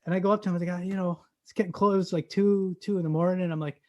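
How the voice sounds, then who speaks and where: A man, an actor guest on a podcast, telling a story in a lively, animated way. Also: high voice, fast talker, dull audio. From Canada. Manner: animated, loud acted-out storytelling.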